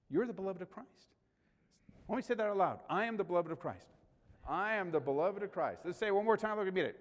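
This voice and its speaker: Male pastor, slightly high voice, lively sermon delivery with loud and hushed turns, long hall reverb. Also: moderate pace. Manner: animated preaching, swings from loud to quiet, jokes with the congregation.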